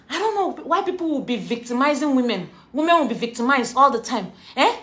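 Bright-voiced chatty woman vlogger. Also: high voice, big pitch swings, a little fast, few pauses. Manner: chatty, laughs often, rants animatedly. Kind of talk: casual chat to followers.

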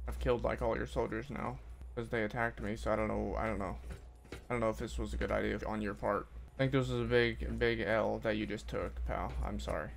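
A man's voice: lowish voice, fairly even intonation, fairly quick, gravelly, a little hiss or hum. A man streaming a video game, trash-talking the characters in mock outrage. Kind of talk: casual gameplay commentary.

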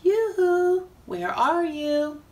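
A woman voicing God in a children's Bible story, calling out and speaking gravely. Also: medium pitch, a little slow, lightly acted, low-quality recording. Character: God, calm, stern creator.

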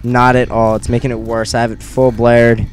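In a dark room with a gaming headset on, a young gamer talks nervously through a horror game, murmuring to himself and occasionally yelping in panic. His voice is medium-pitched and monotone, delivered at a moderate pace.

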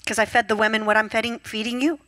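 Bright, lively woman pastor preaching. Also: fairly high pitch, fast, no echo. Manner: lively storytelling, acts out voices and quotes. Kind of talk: sermon. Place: church.

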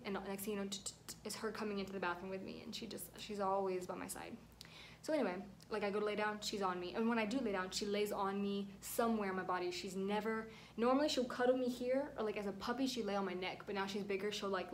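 A woman's voice: medium pitch, a little hiss or hum. A young woman telling a rambling, emotional storytime vlog at home, at times close to tears. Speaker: vlogger.

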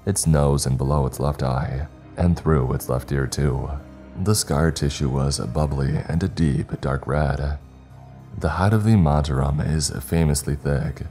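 An extremely deep, dark, and mellow male voice narrates a scripted horror story. His telling is measured and dramatic, with faint background music underneath.

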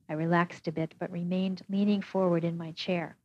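A woman narrating an audiobook in a steady, measured first-person reading. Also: on the low side, no room sound. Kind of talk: scripted narration. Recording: dull, dry lo-fi recording.

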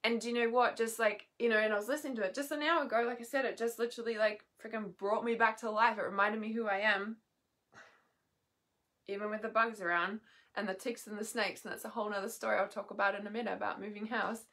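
A woman's voice: medium pitch, fairly even intonation, fast, fairly bright tone. A tired, emotionally worn woman, speaking from bed at home in a raw, unscripted monologue. She swears freely and often trails off and restarts. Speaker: healer and mentor vlogger.

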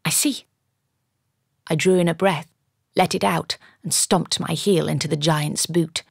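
A woman's voice: deep voice, steady tone, normal speed, vocal fry, slightly rough, no echo, studio quality. A woman narrating an audiobook in the first person, with dramatic storytelling.

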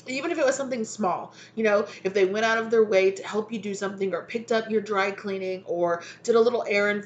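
A woman's voice: mid-range voice, lo-fi sound, slight background noise. A woman tarot reader giving casual spiritual guidance. She rambles in a chatty way and keeps tagging on "you know" and "right?".

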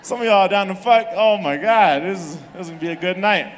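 A young man doing a crude stand-up set in a comedy club, animated and laughing at his own jokes. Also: high-pitched, a little fast, a little hiss or hum. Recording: reverberant club from the room.

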